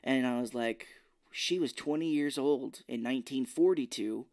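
A man's voice: mid-range voice, moderate pace, darkish tone. A man co-hosting a podcast, chatting casually, rambling with lots of filler and jokes. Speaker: podcast co-host. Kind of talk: casual chat.

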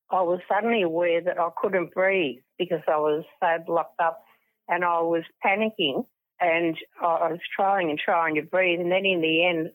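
An older woman, an interview guest, telling a personal story in a halting way with many restarts. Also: on the low side, no room sound. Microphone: phone. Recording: tinny phone line.

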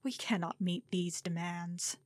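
A dutiful middle-aged lord answers quietly and respectfully in a dry, close recording, as a woman reading a story voices him. He speaks with restraint and duty. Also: lowish voice, measured pace, no echo, close to an everyday voice. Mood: subdued.

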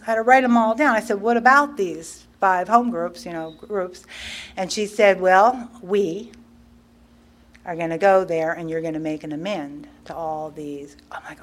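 A middle-aged woman sharing her recovery story in a casual, animated way, acting out quoted dialogue and laughing often. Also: medium pitch, measured pace. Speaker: guest speaker.

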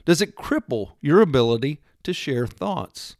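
Emphatic lecturing man, lively pitch. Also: measured pace, dry recording, clean studio sound. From United States. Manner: emphatic, sarcastic, lecturing with rhetorical questions; mimics accents in quoted lines. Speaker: commentator. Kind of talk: opinion monologue.

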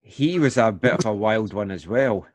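A man's voice: lowish voice, expressive, normal speed, husky, no echo. A man interviewing a guest in casual conversation, adding short, agreeable remarks.

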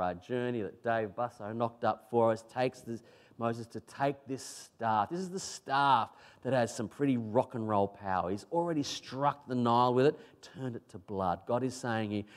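Man preaching in a colloquial style. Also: medium pitch. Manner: colloquial, emphatic preaching with repeated phrases. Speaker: pastor. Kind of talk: sermon.

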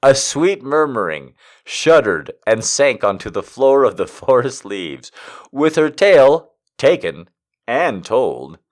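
A man's voice: medium pitch, very animated, slow pace. A man reading erotic poems aloud for comedy, breaking off to laugh and make incredulous asides. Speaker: comedic reader.

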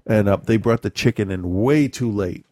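Low-voiced man telling a rambling story. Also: moderate pace, warm tone, no room sound, studio quality. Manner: rambling storyteller, self-correcting, laughs often. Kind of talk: casual chat.

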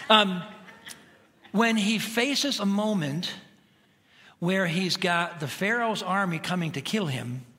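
A middle-aged male pastor preaching a conversational sermon to a church, dropping to a hush and then rising to shouts. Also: a little high. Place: church sanctuary.

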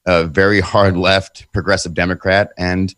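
A man's voice: sits low, little pitch movement, moderate pace, a bit bright, dry recording, studio quality. A man from Oregon talking emphatically and indignantly in a casual chat.

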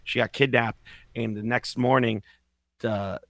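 A podcast host tells stories in relaxed conversation, animatedly acting out what people said. His medium-pitched voice is unhurried with vocal fry, and the studio sound is clean with no echo.

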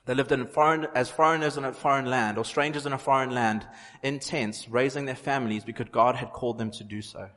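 A man's voice: mid-range voice, fairly even intonation, fairly quick, fairly bright tone. Earnest male preacher in reverberant hall. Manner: earnest, repeats phrases for emphasis. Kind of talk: sermon.

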